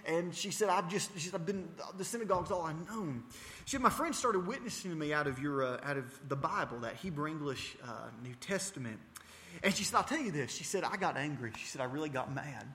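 Fervent, bright-voiced preacher man. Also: on the high side, lively intonation, brisk, in a large hall, a little hiss or hum. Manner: storytelling, repeating "she said" and building to fervent intensity; frequent hesitations and restarts. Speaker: mission preacher. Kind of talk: testimony sermon.

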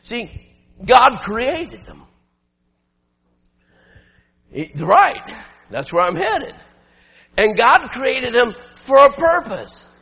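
A male preacher giving a sermon with emphatic, shouting delivery and frequent laughter. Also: extremely high pitch, sing-song, extremely slow, gravelly, pauses often, slightly rough, long reverb tail.

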